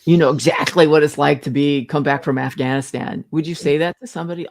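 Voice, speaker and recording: Gravelly, sarcastic woman guest, blunt casual interview talk. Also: low-pitched, steady tone, quick pace, hardly any pauses, darkish tone.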